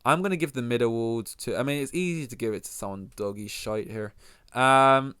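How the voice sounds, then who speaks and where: A young man hosting a podcast, giving rambling, opinionated sports takes full of swearing and sudden bursts of excitement. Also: mid-range voice, brisk, smooth. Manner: heavy swearing, rambling, animated rants. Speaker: podcast host. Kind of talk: casual opinionated sports chat.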